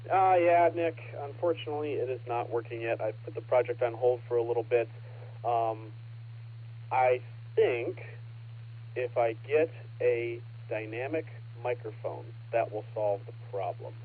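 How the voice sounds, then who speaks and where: A man acting as net control on an amateur radio net, relaxed and joking as he reads out call signs and takes check-ins. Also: mid-range voice, measured pace. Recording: narrow, lightly hissy ham radio transmission.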